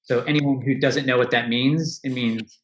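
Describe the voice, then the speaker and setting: A man's voice: mid-range voice, fairly even intonation, moderate pace, echoey room. A man speaking as a podcast guest, talking candidly and reflectively about his own life, often restarting and laughing. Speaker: podcast guest, money coach. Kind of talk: casual interview talk.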